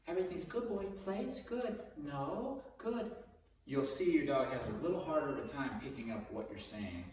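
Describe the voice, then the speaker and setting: A man working as a dog trainer, explaining his methods casually during a session and breaking into high, excited praise for the dog. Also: distant mic, a little hiss or hum. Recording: echoey room, voice from off the mic.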